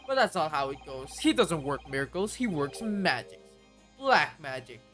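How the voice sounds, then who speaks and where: A woman voicing a gruff, blunt middle-aged British police inspector who talks in slang. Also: deep voice, sing-song, normal speed, fairly bright tone, faint music behind.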